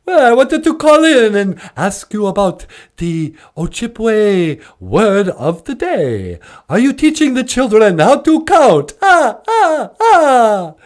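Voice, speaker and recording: A man's voice: high-pitched, huge pitch swings, slow pace, few pauses, pitched above the performer's own voice, full character voice. A man doing a put-on Transylvanian accent as a theatrical male vampire count who is obsessed with counting and laughs "ah, ah, ah".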